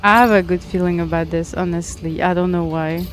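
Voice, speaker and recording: A woman's voice: lowish voice, steady tone, fairly quick, faint music behind. A woman from France with a French accent, chatting casually with her viewers during a game stream, giggly and talkative as she greets people by name. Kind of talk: casual live-stream chat while gaming.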